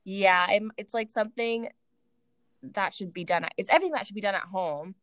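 Woman, mid pitch, rambling casual co-host, dry close sound. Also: brisk, fairly bright tone, no echo. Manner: rambling, hesitant, many fillers. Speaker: podcast co-host. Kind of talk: casual chat.

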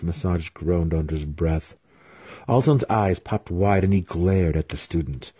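A man reads a fantasy novel aloud at a measured, even pace of telling. His voice is deep and dark with a husky grain, and it sounds dry and close to the microphone. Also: no room sound. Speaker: audiobook reader.

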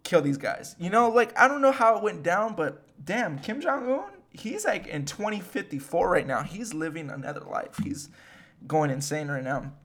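A man's voice: high-pitched, animated, moderate pace, fairly bright tone. A young man hosting a podcast, rambling in casual, slangy chat full of swearing. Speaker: podcast host.

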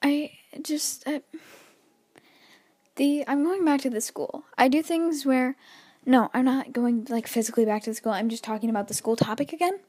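On her own podcast, a nervous teenage girl rambles casually, teasing herself and taking heavy breaths between ideas. Her high, slightly mellow voice holds fairly even intonation at normal speed, with no room sound.

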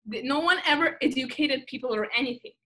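A young woman from Russia chats as a podcast guest in a high, bright-toned voice. She tells stories with lots of animation, acting out what others said and laughing as she goes. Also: fast. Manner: animated storyteller, acts out quotes, laughs often. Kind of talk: casual podcast chat.

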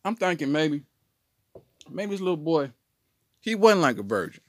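Man, podcast co-host, comedic storytelling, lively pitch swings, dry close sound. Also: normal speed, dry recording. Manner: animated, slangy, jumps into voices.

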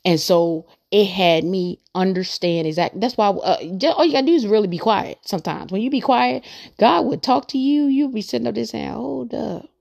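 With medium pitch, vocal fry, and a darkish tone, a woman speaks at normal speed on her podcast. She works through her faith in a rambling, earnest monologue, restating ideas to drive them home.

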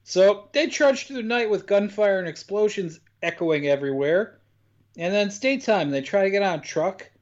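A man with a slightly high voice chats casually on a podcast, recapping a film scene by scene. He tells it with lively jumps in pitch and a loose, swearing humor. The sound is a bit dull and lo-fi. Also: moderate pace. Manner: animated storytelling with sudden pitch jumps, swears freely. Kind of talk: casual chat.

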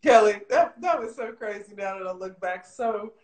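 A middle-aged woman telling a long personal story in casual chat, animated and full of "like" fillers, jumping high in pitch when she quotes people. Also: normal speed. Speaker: guest telling her story. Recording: roomy echo.

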